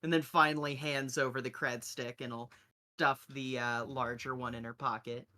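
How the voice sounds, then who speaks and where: A man's voice: mid-range voice, fairly even intonation, moderate pace, sharp tone. A man playing a tabletop game, describing his character's actions casually with lots of fillers. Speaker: player.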